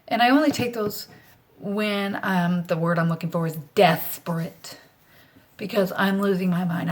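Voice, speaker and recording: A woman's voice: medium pitch, gravelly. Blunt, rambling middle-aged woman, often whispering. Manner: rambling and blunt, swears freely, often drops to a soft whisper. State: anxious. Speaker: vlogger. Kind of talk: candid personal vlog monologue.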